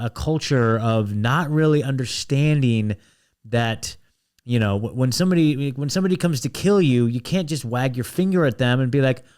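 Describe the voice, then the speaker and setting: A man's voice: medium pitch, a little mellow. An American man hosting a commentary show, ranting bluntly with restless restarts and asides. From United States. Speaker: host.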